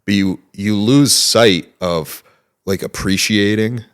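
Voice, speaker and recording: Deep-voiced man telling a story, cursing freely. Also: slow pace, clean tone. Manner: animated storytelling, heavy swearing. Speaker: interview guest. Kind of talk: casual interview talk.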